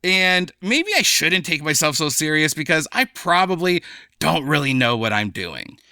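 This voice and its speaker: A young adult man, a comedian guest on a podcast, talking in an animated, chatty way. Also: a little high, normal speed, smooth, dry recording, studio quality. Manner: animated, chatty, slips into playful voices for examples. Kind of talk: casual podcast conversation.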